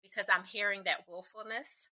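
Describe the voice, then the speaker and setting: Bright, animated woman podcast host. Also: mid-range voice, moderate pace. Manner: animated, encouraging, laughs often. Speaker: podcast host, balance and relationship advisor. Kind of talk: casual interview chat.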